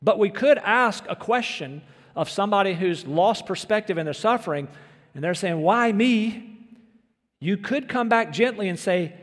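A high-pitched man preaching in an earnest, emphatic manner, pressing his congregation with question after question. His voice rings out with a long reverb from the church hall around him. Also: expressive, moderate pace, fairly bright tone. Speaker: pastor. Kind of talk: sermon.

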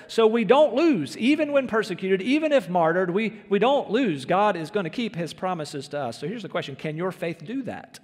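A man's voice: sits high, animated, fairly quick, hardly any pauses, big-room sound. A man preaching a sermon as pastor, earnest and emphatic, asking his listeners questions.

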